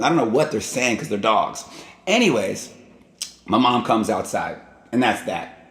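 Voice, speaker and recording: Rambling gravelly-voiced male vlogger. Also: mid-range voice, animated, moderate pace. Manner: rambling, digressive, loose. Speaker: vlog host. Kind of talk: casual rambling storytelling. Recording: echoey room.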